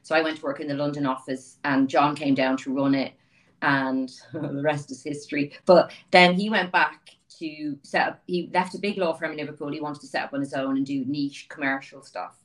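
A low-pitched Irish woman from Dublin, in her fifties, talks easily as an interview guest, circling back and restarting her sentences. She sits a little away from the mic, so her voice sounds slightly distant. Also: fairly even intonation, normal speed. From Ireland (Dublin). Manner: chatty storyteller, frequent restarts and you-knows. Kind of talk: conversational interview.

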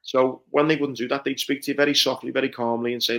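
Flat-voiced man recounting Marine training. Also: medium pitch, quick pace. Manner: earnest, reflective, many fillers like "you know". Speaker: guest, former Royal Marine. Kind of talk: conversational interview storytelling.

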